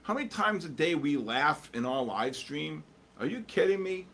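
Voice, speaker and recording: A man's voice: fairly high pitch, expressive, moderate pace, vocal fry, a bit bright. A man hosting a live trading stream, chatting casually and joking with viewers while calling out market moves. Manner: rambling, jokey, answers chat while watching charts. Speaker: livestream host.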